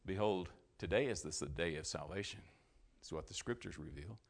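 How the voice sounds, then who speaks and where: Impassioned preacher man, lively swinging pitch. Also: moderate pace. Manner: impassioned, rising to loud climaxes then dropping low; asks the congregation questions and answers them. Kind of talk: sermon.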